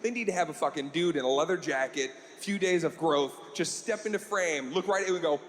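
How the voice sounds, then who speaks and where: A man doing a stand-up comedy routine in a live venue, telling stories animatedly with profanity and quick switches between voices. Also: a little high. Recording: roomy live room with crowd noise.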